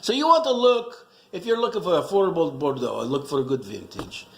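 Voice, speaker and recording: A man's voice: fairly high pitch, expressive, brisk. A middle-aged man in a rambling, self-mocking comic rant, joking loosely as he talks about wine. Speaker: wine vlogger. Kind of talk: casual comedic rant. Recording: echoey room.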